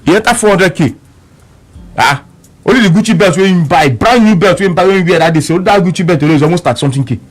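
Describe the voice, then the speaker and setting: A man's voice: sits high, rapid-fire. A man speaking with a Nigerian Pidgin accent, telling a story on radio with emphatic repeats and quoted back-and-forth. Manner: emphatic, repeats words, quotes both sides of an argument.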